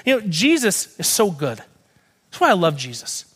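A young man with a high, bright-sounding voice delivers a sermon to a congregation. He talks in a lively storytelling way, slipping into other people's voices as he tells his stories. His delivery keeps moving and stays conversational. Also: a little slow, breathy edge. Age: young adult. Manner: animated storytelling, acts out quoted voices. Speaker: guest speaker.

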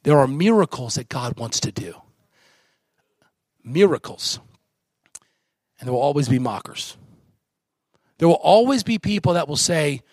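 A middle-aged man preaching a sermon as guest pastor, animated and jokey, mimicking mockers in a put-on voice. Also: fairly high pitch, measured pace, long pauses, no room sound, studio quality. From United States.

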